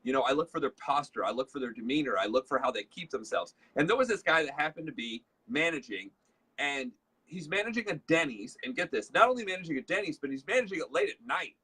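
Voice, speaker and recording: Chatty man with a bright, husky voice. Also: a little high, expressive, fast talker. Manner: chatty storyteller, acts out dialogue, many fillers. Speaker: host. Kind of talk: casual leadership talk, telling a story.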